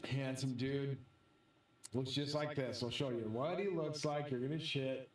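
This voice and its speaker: A man rambling through a profane, excitable monologue as host of his own channel. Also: mid-range voice, a little slow, reverberant, distant mic, rough recording.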